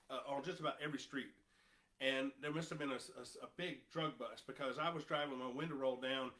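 A man preaching a sermon as pastor, reading scripture aloud with passion and breaking into conversational asides to the congregation. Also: sharp tone. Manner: impassioned, reads scripture aloud, rises in pitch and volume when stressing points.

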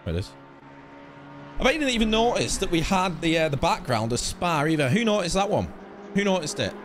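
A man's voice: fairly high pitch, big pitch swings, a little fast, slight background noise. A young man hosting a racing live stream, chatting in a rambling, casual way with his viewers. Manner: rambling, chatty, talks to chat. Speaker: sim racing streamer host.

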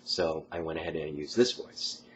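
A man's voice: very deep voice, little pitch movement, moderate pace, heavy background noise. A young man who has a cold, coughing now and then as he rambles casually late at night with many ums and uhs. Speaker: college student vlogger. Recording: slightly muffled recording.

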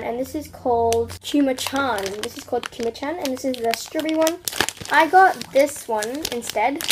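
A young woman vlogger unboxing products in an excitable, gushing way, full of exclamations. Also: high voice, noisy background.

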